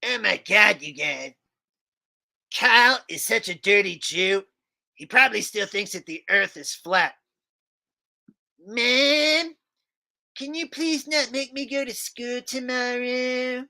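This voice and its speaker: A man voicing Cartman, a bratty, foul-mouthed cartoon schoolboy who whines and throws shouting tantrums. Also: extremely high pitch, slow pace, creaky, long pauses, pitched above the performer's own voice, exaggerated voice. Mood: whiny.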